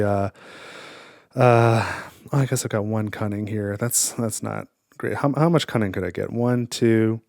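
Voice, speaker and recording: A man's voice: lowish voice, dry recording, clean studio sound. A man casually talking through a solo board game, thinking aloud and counting his cards. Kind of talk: casual playthrough commentary.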